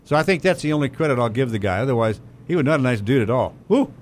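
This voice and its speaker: A man's voice: mid-range voice, lively intonation, fast talker, a little hiss or hum. A man hosting a local talk radio show, joking and chatty. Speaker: radio host. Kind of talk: casual talk radio chat.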